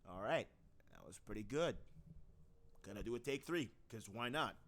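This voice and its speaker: A man's voice: fairly low pitch, expressive, normal speed, a bit bright. A man casually talking through his voice acting practice, rambling and self-deprecating as he laughs at himself. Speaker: voice acting hobbyist.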